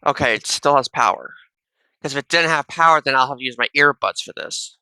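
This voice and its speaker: A man with a very bright, forceful voice chats casually to his viewers through a wireless headset. His tone is smooth and clear, and he rambles, restarting sentences and tagging "though" onto almost everything he says. The sound is close and dry. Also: medium pitch, brisk, no room sound. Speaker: reaction video host. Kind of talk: casual reaction commentary. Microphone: wireless gaming headset.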